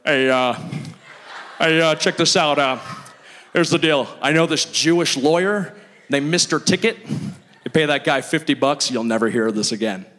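A man's voice: a little high, moderate pace, pauses often, a bit bright, lightly acted. A man voicing a laid-back, dopey male churchgoer who drawls and hesitates with "uh", heard with long hall reverb.

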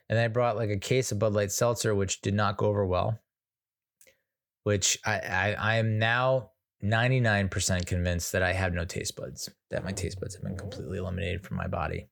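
A man's voice: lowish voice, fairly even intonation, brisk, gravelly. An American man hosting a casual solo podcast, telling stories in a chatty, self-mocking way. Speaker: podcast host.

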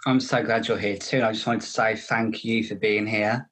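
A man hosting an interview, speaking in a gentle, empathetic and affirming way. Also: lowish voice, steady tone, normal speed. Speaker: interview host. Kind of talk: supportive interview conversation.

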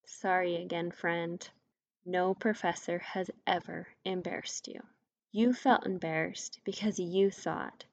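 A woman's voice: mid-range voice, measured pace. Woman coaching listeners, direct and emphatic. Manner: direct, conversational, emphatic on key points. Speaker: podcast host, mindset coach. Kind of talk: scripted solo podcast teaching.

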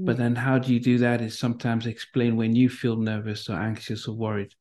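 An interview host who works with parents of anxious children. The host listens with soft "mm" and "yeah" sounds and laughs along, then explains points in a steady, mid-pitched voice. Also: a little fast. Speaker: host and child anxiety counselor.

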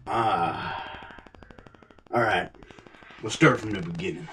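In an improvised comedy sketch, a man plays a touchy, traumatized war veteran, muttering low and gruff before erupting into panicked shouts. The mood is gruff and solemn, his pace is slow, and he sits far from the mic with slight background noise.

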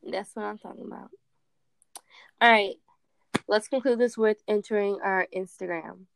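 A woman's voice: mid-range voice, steady tone, normal speed, vocal fry, dry recording. A young woman co-hosting a podcast, chatting expressively and laughing a lot. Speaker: podcast co-host. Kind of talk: casual chat.

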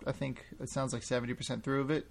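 A man's voice: medium pitch, level tone, quick pace, creaky, a little hiss or hum. A man co-hosting a casual podcast about a video game, rambling and restarting his thoughts. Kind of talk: casual chat.

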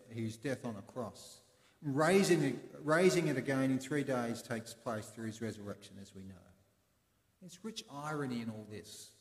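A man preaching a sermon in a church, explaining in a conversational way with pauses. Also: mid-range voice. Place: church in Sydney. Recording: echoey church with long reverb.

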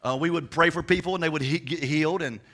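A young male pastor tells stories from the pulpit, often stumbling and restarting his sentences. His voice is bright and sits a little high, and his delivery is informal and conversational. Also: fast. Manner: chatty storytelling with many restarts. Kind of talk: sermon.

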